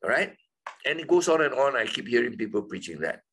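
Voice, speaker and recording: A man teaching a Bible lesson to a class, emphatic and questioning, jumping up high to stress key words. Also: sing-song, a little fast, a bit bright, slight background noise, low-quality recording.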